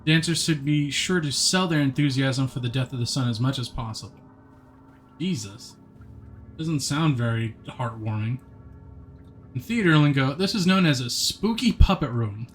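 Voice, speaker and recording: A man's voice: medium pitch, lively intonation, moderate pace, faint music behind. A man streaming a game live, chatting with viewers and reading the game's text aloud. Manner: chatty, answers chat, reads narration aloud in a plain voice.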